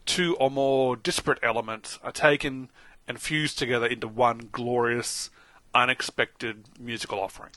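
An Australian man chats on a podcast in a bright, forward voice. He is animated, laughs often and exclaims freely. The sound is close and dry. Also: medium pitch, normal speed, no room sound. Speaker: podcast co-host. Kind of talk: casual chat.

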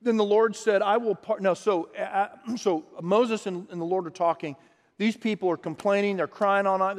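A man preaching a sermon, animated and often acting out quoted voices, with frequent restarts. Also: high-pitched, normal speed. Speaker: pastor. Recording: long hall reverb.

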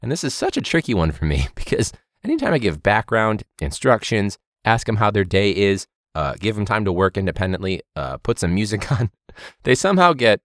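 Young guy teacher podcasting, low voice that swings all over, very lively. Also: a little fast, dry recording, clean studio sound. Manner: animated, mimics students in high voices. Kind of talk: casual podcast monologue.

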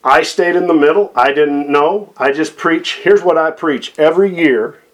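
Middle-aged preacher guy, kinda high voice, folksy prophecy teaching w/ lots of amens. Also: normal speed. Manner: folksy, asks "Okay?" and "Amen" to listeners.

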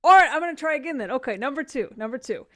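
A woman's voice: high-pitched, lively intonation, rapid-fire, slight background noise. A woman hosting a casual podcast, playfully quizzing her guest. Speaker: podcast host.

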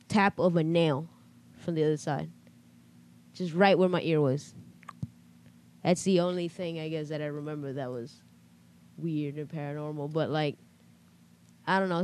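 A woman hosting a casual chat, asking quick follow-up questions and telling her own story. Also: deep voice, darkish tone, a little hiss or hum. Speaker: host.

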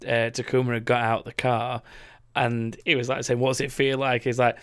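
A man's voice: mid-range voice, flat delivery, normal speed, clear, resonant tone. British man telling race anecdotes. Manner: anecdotal, teasing. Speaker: podcast co-host. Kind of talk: casual motorsport chat.

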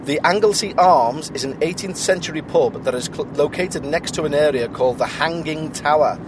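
A jokey man hosts a ghost-hunting road-trip vlog, reading out haunted local lore and chatting between bits. His voice sits a little high. Faint road noise hums underneath. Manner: jokey and playful. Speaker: vlogger and ghost-hunt host. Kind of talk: casual chat and reading out notes. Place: moving car.

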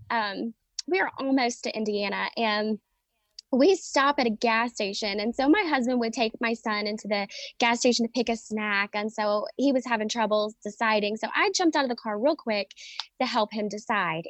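Female podcast guest, high voice, lively comic storyteller, dry close recording. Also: no echo. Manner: animated, laughing storyteller. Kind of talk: casual storytelling.

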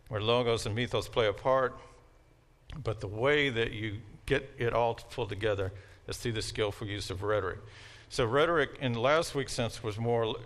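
A man with a Southern American accent giving a relaxed, conversational university lecture and often checking in with his students. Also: medium pitch. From Southern United States. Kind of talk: classroom lecture.

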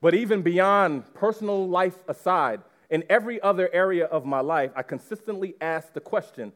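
A man in his thirties, a pastor preaching a sermon and speaking straight to his congregation in an animated way. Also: high voice, a little fast. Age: 30s. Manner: animated, addresses the congregation directly. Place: church before a live congregation.

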